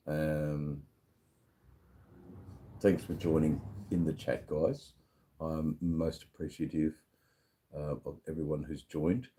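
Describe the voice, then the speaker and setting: Drunk man hosting a live stream: a very low, dark, mellow voice, slurred and rambling. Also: fairly even intonation, slow pace, long pauses, a little hiss or hum. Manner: rambling, slurred, with lots of fillers. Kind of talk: casual live-stream chat. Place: sitting at a bar.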